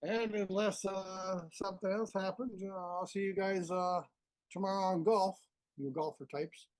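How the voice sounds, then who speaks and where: A man's voice: high-pitched, fairly even intonation, a little slow, no room sound. Man organizing with a dry close sound. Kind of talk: casual scheduling chat.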